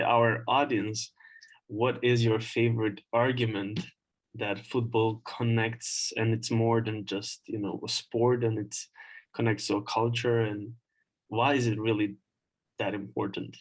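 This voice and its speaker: Low-voiced, thoughtful man. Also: level tone, rough recording. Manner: thoughtful, pausing, searching for words. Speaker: co-host. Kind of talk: reflective casual conversation.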